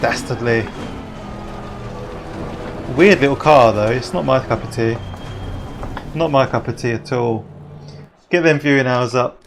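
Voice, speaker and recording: English guy, live sim racing streamer, chatty and matey, gravelly fry in the voice, mid pitch. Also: a little slow, long pauses, over music. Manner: chatty, matey, chatting with viewers while driving.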